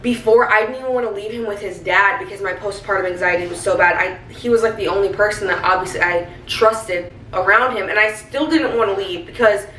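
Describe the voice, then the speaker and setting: Rambling young mom in a roomy kitchen. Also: female voice, medium pitch, fairly quick, hardly any pauses, fairly bright tone, far from the mic. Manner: rambling, candid, heavy use of "like". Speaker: stay-at-home mom vlogger. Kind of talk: casual confessional vlog. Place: home kitchen. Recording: roomy, off-mic, faint hiss.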